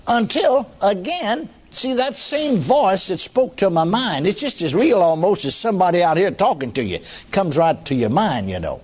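Man, preacher, sermon storytelling, folksy, chuckling, lively pitch. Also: normal speed, hardly any pauses. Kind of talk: sermon testimony.

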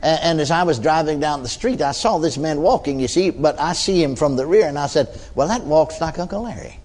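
A man's voice: on the high side, fairly quick, a little mellow. A man preaching a storytelling sermon in a folksy, chatty way, with chuckling asides and frequent "you see" tags. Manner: many restarts and filler tags like "you see".

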